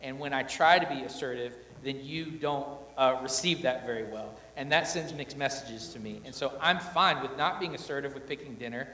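In a couples talk on stage, a husband recounts his marriage to the audience with candor and self-deprecation, quoting himself and his wife. His medium-pitched voice is bright and forceful at a normal speed with few pauses. There's echoey hall reverb and slight background noise.

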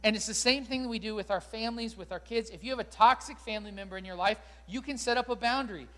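Man, pastor, high voice, church Q&A, candid and conversational, lots of ums, long hall reverb. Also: fast talker, pushed and bright. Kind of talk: sermon Q&A to a live congregation. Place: church auditorium.

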